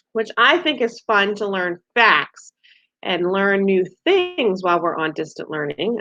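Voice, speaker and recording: A woman teacher giving a gentle distance-learning lesson to young children, explaining picture cards and reading aloud. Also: medium pitch, dull audio.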